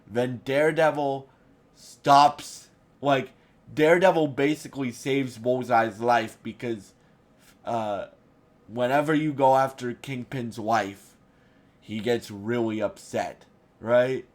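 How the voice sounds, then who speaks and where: A man's voice: medium pitch, takes it slowly. A young man giving a casual spoiler review of a TV episode, rambling with lots of fillers and restarts. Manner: rambling, many fillers and restarts, bursts into loud impressions.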